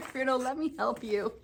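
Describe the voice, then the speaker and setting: A woman's voice: high-pitched, slow, a little hiss or hum. A woman teaching a children's church lesson, speaking in a sing-song, exclaiming way as she chats with a dog puppet.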